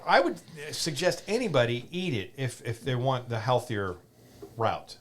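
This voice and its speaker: Lively joking male podcast host. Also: medium pitch, moderate pace. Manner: lively, joking, repeats himself. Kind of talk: casual chat. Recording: faint background noise.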